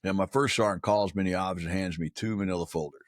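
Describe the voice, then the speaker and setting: Low-voiced older man telling blunt stories. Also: steady tone, fast talker, dry recording, clean studio sound. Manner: blunt, profane, slangy, peppered with "man" and "dude". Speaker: podcast guest, military veteran. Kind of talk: casual storytelling in a podcast interview.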